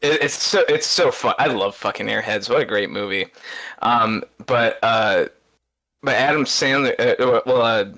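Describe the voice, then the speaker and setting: A man chatting on a podcast, retelling things with eager, rambling energy. He stumbles, repeats words and breaks into laughter, at an everyday pitch. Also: a little slow. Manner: excitable rambling storyteller, stammers and laughs. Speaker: podcast co-host. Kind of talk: casual podcast chat.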